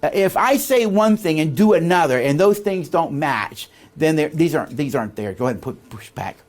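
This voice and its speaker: A man's voice: fairly high pitch, lively intonation, a little fast. A man teaching leadership in a classroom lecture, quizzing his listeners with fill-in questions before a live audience.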